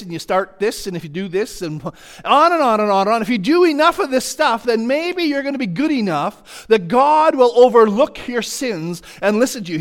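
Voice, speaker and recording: High-voiced man preaching a sermon. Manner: emphatic, builds long repeated lists.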